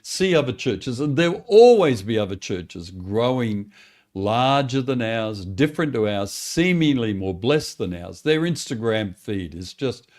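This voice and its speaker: An encouraging man teaches church leaders in a relaxed webinar style. His middle-pitched voice swings up and down with lots of animation as he speaks straight to pastors. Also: measured pace. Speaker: church growth coach.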